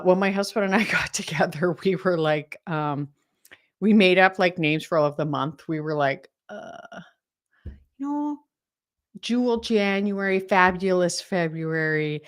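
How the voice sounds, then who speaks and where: Gushing, chatty middle-aged woman host, casual livestream from home. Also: medium pitch. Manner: bubbly, gushing, greets viewers by name. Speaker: livestream host and decluttering coach. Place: home, recording on Vancouver Island. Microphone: camera live stream.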